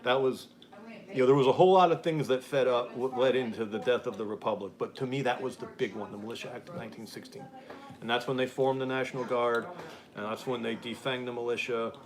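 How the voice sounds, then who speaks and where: American dude hosting a chatty stream, reads comments out, laughs a lot. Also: male voice, mid-range voice, fairly even intonation, fast. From United States. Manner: reads viewer comments aloud, laughs often. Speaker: podcast host. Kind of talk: casual live-stream chat.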